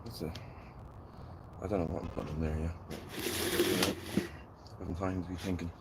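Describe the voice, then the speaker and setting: Deep-voiced Dublin man chatting live. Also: level tone, a little fast, very noisy. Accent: Dublin Irish. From Ireland. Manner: chatty, rambling, talks to his viewers while working. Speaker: gardening channel host. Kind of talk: casual live-stream chat. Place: garden.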